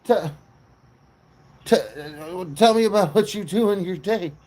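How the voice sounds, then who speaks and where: A man voicing an agitated, pompous male highway patrolman with a Southern accent who blusters and calls people son. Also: unhurried, a little mellow. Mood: indignant.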